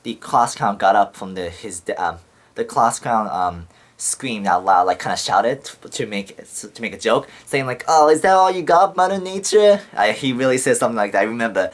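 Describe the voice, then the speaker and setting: A man's voice: fairly low pitch, normal speed. Young man rambling with heavy swearing. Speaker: vlogger. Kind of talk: casual storytelling to camera.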